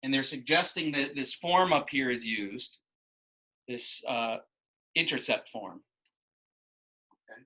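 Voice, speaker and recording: Bright-voiced rambling math teacher man. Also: medium pitch, slow, pauses often, poor audio. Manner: explanatory, rambling with many restarts. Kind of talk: classroom instruction.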